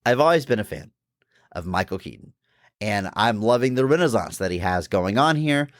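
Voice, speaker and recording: A fairly low-pitched man with lively intonation and a moderate pace co-hosts a podcast. He discusses a film in an easygoing, enthusiastic manner and laughs often, in clean studio sound with no room noise.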